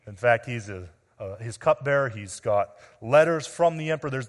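A man in the middle of his pitch range preaches an expository sermon to his congregation. His words ring out with a long reverb from a large sanctuary, and his voice sinks quietly at the ends of phrases. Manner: addresses listeners as men and women. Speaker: pastor. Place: church sanctuary.

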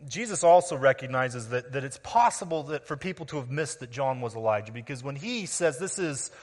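A man's voice: medium pitch, lively intonation, brisk. A man preaching a sermon, explaining scripture and often restarting with repeated words. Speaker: pastor. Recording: long reverb of a large hall.

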